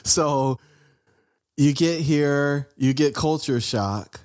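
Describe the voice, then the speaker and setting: A man's voice: a little high, extremely slow, a little mellow. Playful man hosting an interview. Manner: playful, teasing asides. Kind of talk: casual interview chat.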